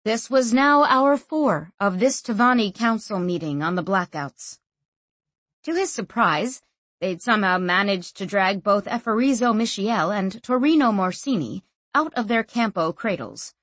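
A woman narrating a fantasy audiobook in an expressive storytelling manner. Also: mid-range voice, measured pace, no room sound. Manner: expressive, lively storytelling reading.

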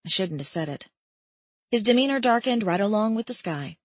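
A woman narrating a novel in the first person with an intimate, measured delivery. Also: on the low side, lively intonation, no room sound. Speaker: audiobook narrator. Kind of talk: scripted narration.

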